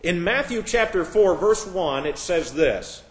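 Man, Bible class teacher, slightly high voice, spells words out, echoey room. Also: expressive, measured pace. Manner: spells out words letter by letter, many restarts. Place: church classroom.

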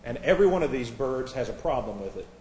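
A man's voice: medium pitch, animated, quick pace, slight background noise. Combative preacher man in an echoey room. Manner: combative, sarcastic, swings from hushed asides to loud outbursts. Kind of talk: sermon.

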